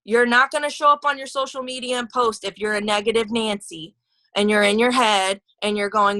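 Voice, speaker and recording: A woman's voice: a little high, very animated, fast talker, bright, forceful tone, no room sound, rough recording. A woman leading a motivational team call, chatty and gushing, with lots of fillers and restarts. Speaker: team leader.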